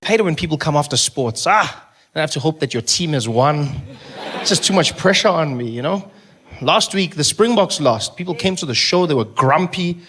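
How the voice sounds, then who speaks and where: A man performing a stand-up comedy set, telling stories in an animated way with stammered restarts. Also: a little high, moderate pace. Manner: animated storytelling, stammering restarts, acting out voices.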